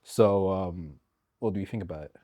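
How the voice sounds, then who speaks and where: A man co-hosting a casual chat about film and celebrity news, easygoing and quick with agreeing yeahs. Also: deep voice, dark tone. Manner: easygoing, lots of yeahs and restarts. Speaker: co-host.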